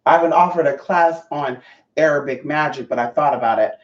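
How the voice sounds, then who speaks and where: A man's voice: fairly high pitch, brisk, reverberant, highs cut off. A sassy man chatting casually on a livestream, swearing freely and greeting viewers by name. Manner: sassy, profane, chatty, reads viewer comments. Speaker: vlogger.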